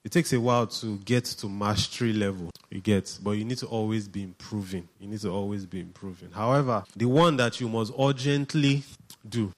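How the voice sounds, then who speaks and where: A man's voice: lowish voice, fairly even intonation, fairly quick. Conversational male preacher. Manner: conversational, asks the congregation questions often. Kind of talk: sermon.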